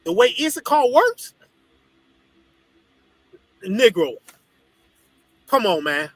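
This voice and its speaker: A man teaching a congregation in an animated, profane, storytelling preaching style. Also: high-pitched, slow, no room sound, poor audio. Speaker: religious teacher.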